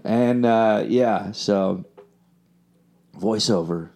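A man's voice: on the low side, drawn-out words, vocal fry, darkish tone. A man in a casual chat, talking about filmmaking and his songwriting with loose, rambling storytelling full of fillers and restarts.

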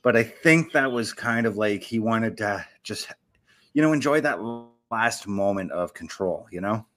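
A man's voice: lowish voice, animated, measured pace, fairly bright tone. A man co-hosting a casual podcast, talking loosely with fillers and "you know". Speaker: podcast co-host. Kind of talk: casual chat.

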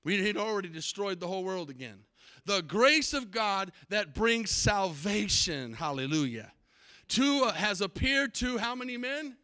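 A man preaching a sermon, emphatic, repeating key words and building to loud climaxes. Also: sits high, lively intonation, normal speed. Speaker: pastor.

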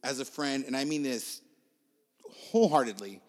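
A man co-hosting a podcast in casual chat, telling stories in an animated, profane way. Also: mid-range voice, normal speed. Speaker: podcast co-host.

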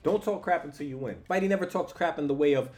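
A man reviewing a comic book in a casual, enthusiastic and animated way. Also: a little high, fast, faint music behind. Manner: animated and enthusiastic, with frequent restarts. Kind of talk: casual commentary.

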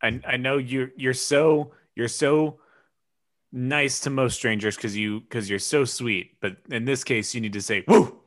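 A man co-hosting a casual comedic chat, talking expressively with halting restarts. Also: medium pitch, fairly even intonation, fairly bright tone.

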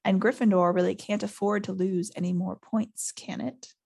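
A woman reading the lines of a cold, sneering male schoolmaster in a slow, smooth, menacing way. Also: medium pitch, steady tone, darkish tone. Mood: smooth menace.

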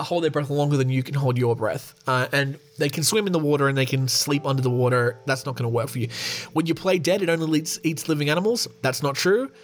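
Joking man hosting a podcast. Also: on the high side. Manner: joking, reads questions aloud and answers himself. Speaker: podcast host. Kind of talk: casual chat reading a quiz.

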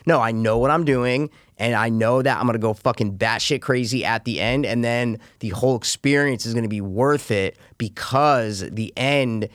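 A man talking casually about a film he has seen, excitable, swearing often and acting out the scenes in voices. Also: mid-range voice, moderate pace, few pauses, no room sound, clean studio sound. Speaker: film reviewer. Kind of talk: casual podcast chat.

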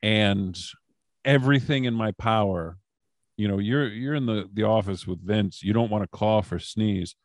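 A man who is a comedian and former wrestling writer, telling animated backstage anecdotes in a casual podcast chat. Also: fairly low pitch, moderate pace, dry recording, studio quality. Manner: animated anecdotes, frequent fillers.

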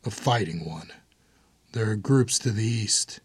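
A grim, blunt hardened brother speaks in a low, husky voice, as an audiobook narrator puts him on. He talks with quiet urgency. The sound is dry and close. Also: expressive, unhurried, no room sound.

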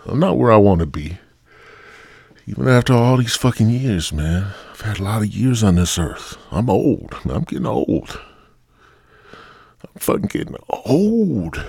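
A man's voice: fairly low pitch, lively intonation, normal speed, gravelly, darkish tone, breathy edge, no echo. A male podcast host rambling bluntly through a profane solo rant. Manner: rambling, heavy swearing, blunt.

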